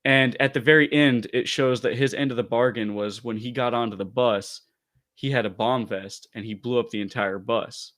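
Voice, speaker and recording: A man co-hosting a casual podcast, retelling a story in an animated way with loose asides. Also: mid-range voice, moderate pace. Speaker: podcast co-host reviewing comics.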